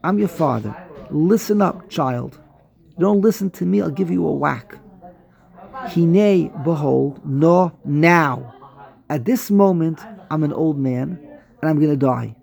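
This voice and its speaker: A man's voice: on the high side, measured pace, vocal fry, a little mellow. A man acting out a blunt, stern old father who gives orders and threatens his child.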